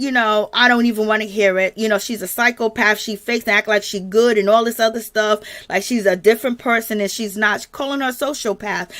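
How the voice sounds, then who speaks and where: A chatty, gossipy woman with a higher, slightly bright voice hosts a commentary channel. She reads viewer comments in a casual recap chat and calls her viewers "girl."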